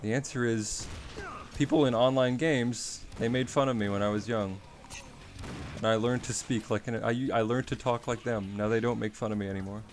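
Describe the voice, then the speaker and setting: A man's voice: mid-range voice, fairly even intonation, moderate pace, slight background noise. A man from Australia chatting casually on his stream, rambling and wry, swearing now and then.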